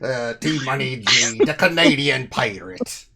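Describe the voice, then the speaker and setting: A man's voice: mid-range voice, lively intonation, unhurried, creaky, over a noisy crowd. A man hosting a casual live stream, joking around with guests and co-host. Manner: jokey, puts on growly pirate talk.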